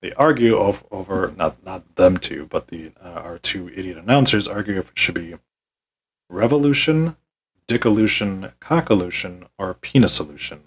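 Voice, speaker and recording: Male podcast host, lower husky voice, tired deadpan sarcasm, swears freely. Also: normal speed, low-quality recording. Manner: weary, deadpan, swears often. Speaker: podcast host recapping a wrestling show. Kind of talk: sarcastic play-by-play recap.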